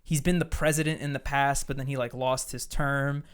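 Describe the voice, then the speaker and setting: A man with a smooth, resonant voice talks loosely about a film on a podcast, upbeat and rambling, peppering his sentences with fillers and cuss words. His pitch sits in an everyday middle range. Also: little pitch movement, moderate pace. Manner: rambling, enthusiastic, heavy on fillers and swearing. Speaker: podcast host. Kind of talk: casual chat.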